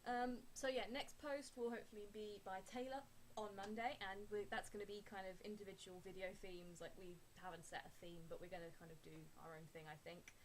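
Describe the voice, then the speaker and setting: A woman's voice: mid-range voice, fairly even intonation, a little fast, hardly any pauses, a little hiss or hum. A young woman vlogging in a casual, rambling way, full of fillers and restarts. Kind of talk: casual chat.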